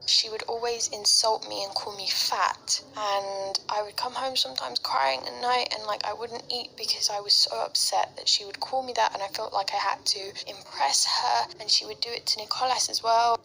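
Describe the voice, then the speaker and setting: English girl telling a story, lots of "like", bright voice with some vocal fry. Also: fairly high pitch, steady tone, moderate pace, hardly any pauses, a little hiss or hum, rough recording. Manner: chatty, heavy use of "like", drops into soft whispers.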